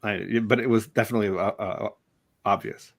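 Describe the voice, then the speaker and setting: Man at a tabletop game, lowish voice, joking, chuckling. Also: fairly even intonation, moderate pace. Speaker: player. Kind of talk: casual tabletop play.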